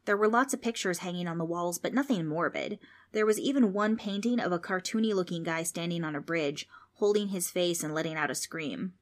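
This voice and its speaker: A woman reading a children's storybook aloud as narrator, steady and expressive. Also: on the low side, fairly quick.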